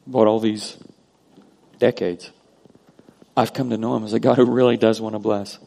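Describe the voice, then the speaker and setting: A man preaching a sermon as pastor, earnest, moving between loud emphasis and hushed prayer. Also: lowish voice, little pitch movement, moderate pace, vocal fry. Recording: long hall reverb.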